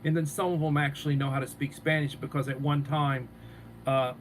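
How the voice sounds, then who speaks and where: Man, livestream host, casual rambling chat, slightly high pitch, faint background noise. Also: flat delivery, brisk. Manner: rambling, answers chat comments aloud. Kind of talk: casual live-stream chat.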